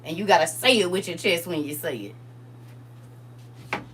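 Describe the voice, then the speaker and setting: A woman hosting a livestream, telling a story to her chat in a casual, animated and emphatic way. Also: fairly low pitch, normal speed, a little hiss or hum. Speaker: livestream host.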